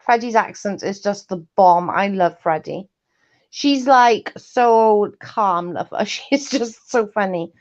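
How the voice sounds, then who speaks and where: A woman's voice: medium pitch, slow. A woman chatting casually on a livestream, laughing often and telling rambling stories. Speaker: guest co-host. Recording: muffled lo-fi stream audio.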